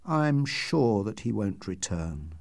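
A man's voice: fairly low pitch, very animated, slow, gravelly, darkish tone, dry recording, studio quality, exaggerated voice. A man reading the part of an anxious, secretive middle-aged doctor in an audiobook, pleading and reassuring earnestly.

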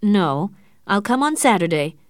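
Cold, curt young suitor in a storybook, read plainly by a female narrator; mid-pitched and dry. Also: big pitch swings, unhurried, no echo. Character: cold, calculating young man.

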